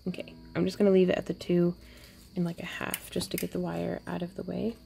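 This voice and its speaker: Low gravelly-voiced woman crafting tutorial. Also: monotone, brisk, slight background noise. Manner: thinking aloud, playful sound effects and soft asides. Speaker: jewelry-making tutorial host. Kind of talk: casual crafting tutorial narration.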